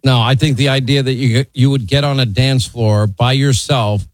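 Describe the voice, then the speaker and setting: A man's voice: medium pitch, fairly even intonation, normal speed, dry recording, poor audio. A middle-aged man hosting a call-in talk radio show, blunt and opinionated as he teases his callers. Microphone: studio microphone.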